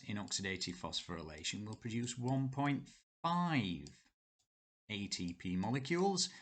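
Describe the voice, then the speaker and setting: A man's voice: lowish voice, a bit bright. A man with a Yorkshire accent teaching a biology lesson, chatty and thinking aloud as he writes. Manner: chatty, thinks aloud and talks to himself while writing. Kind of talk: whiteboard lesson explaining step by step.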